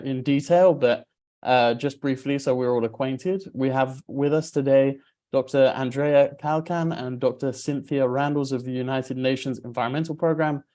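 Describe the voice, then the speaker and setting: A man opening an online panel with a polite, measured delivery. His voice sits at a middling pitch and sounds slightly muffled from a sore throat. He pauses now and then on small hesitations. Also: mellow. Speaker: event moderator. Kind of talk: formal webinar introduction.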